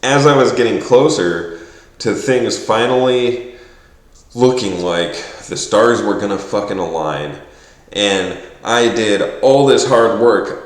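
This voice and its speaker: Casting: fairly low-voiced man, rambling and profane, exasperated vlog rant, echoey room. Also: unhurried. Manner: quotes others in mocking voices. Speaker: vlogger. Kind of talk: casual rant to camera.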